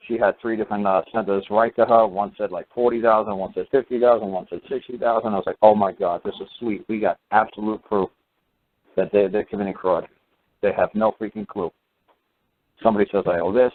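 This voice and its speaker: A man telling a long story in a casual, rambling way, full of fillers and acted-out quotes. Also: on the low side. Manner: rambling, many fillers, acts out quoted voices. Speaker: speaker giving recorded teachings. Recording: tinny phone-line sound.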